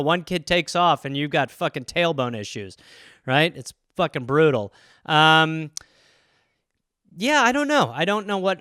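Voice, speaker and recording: A man riffs alone on a comedy podcast, rambling and profane, tossing in quick silly voices. His voice sits high and sounds bright and forward. The sound is dry and close. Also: clean tone, no echo. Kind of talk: solo comedic riffing on listener topics.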